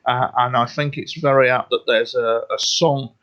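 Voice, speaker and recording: A man's voice: mid-range voice, steady tone, normal speed, fairly bright tone. A man, a radio interview guest, talking earnestly and rambling, often repeating himself and restarting his sentences. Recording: dull lo-fi sound.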